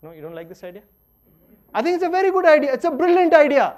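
A middle-aged man with an Indian English accent lectures at a workshop in a lively, playful way, veering from loud emphasis to quiet asides. His pitch is extremely high and his pace quick, and the recording's highs are cut off.

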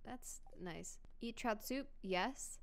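A young adult woman giving chatty, excitable commentary while playing a video game and reading its text aloud. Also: on the high side, slow pace, gravelly. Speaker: gaming channel host. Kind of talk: casual let's-play commentary.

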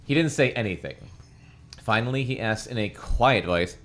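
Low-voiced man reading with crude jokes. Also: moderate pace, fairly bright tone. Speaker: podcast co-host. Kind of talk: comedic reading aloud of a children's book.

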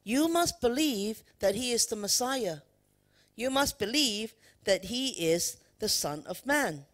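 Woman preaching a sermon, slow delivery, emphatic, asks the church questions. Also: fairly high pitch, animated, fairly bright tone. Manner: emphatic, addresses the congregation with questions and "you know" fillers. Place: church worship service.

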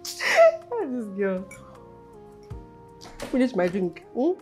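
A woman's voice: fairly high pitch, huge pitch swings, extremely slow, soft background music, exaggerated voice. An actress playing a teasing young woman comforting her friend, with a Nigerian accent. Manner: teasing, laughing.

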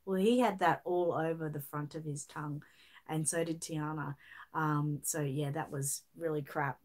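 A woman's voice: deep voice, fairly even intonation, normal speed, darkish tone. A middle-aged Australian woman, slightly throaty from a chest infection, chatting casually on a livestream and reading out viewer comments. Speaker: livestream host.

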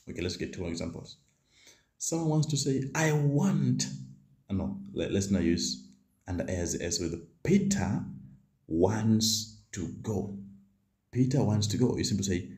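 A man teaching a language lesson, repeating each example slowly and patiently with occasional fillers. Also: sits low, lively intonation, mellow, roomy sound. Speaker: German language tutor. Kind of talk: slow drill-style language lesson.

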